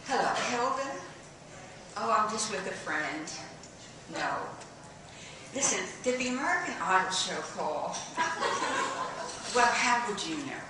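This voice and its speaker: An actress playing a flighty young female aspiring singer who talks in an animated, giggly way, heard live on a stage. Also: medium pitch. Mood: chatty. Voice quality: animated, giggly, quick-changing. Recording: far, echoey, noisy stage capture.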